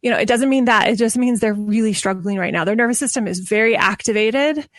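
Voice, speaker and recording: A woman speaking as a parenting coach guest in a podcast interview, earnest and animated, often restarting her sentences. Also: on the high side, a little fast, no echo, studio quality.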